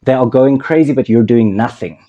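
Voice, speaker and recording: A man's voice: medium pitch, normal speed, warm tone, highs cut off, lightly acted. A man voicing an irritated male train passenger who bluntly demands that a father control his children.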